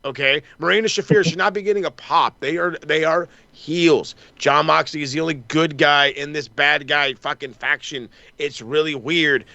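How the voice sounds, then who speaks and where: A man's voice: on the high side, steady tone, vocal fry, sharp tone, no echo, lo-fi sound. A man co-hosting a podcast, ranting and swearing constantly through a heated wrestling recap, often mimicking other people. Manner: fast, heated, swears constantly, mock quotes. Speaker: podcast co-host. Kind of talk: profane wrestling recap rant.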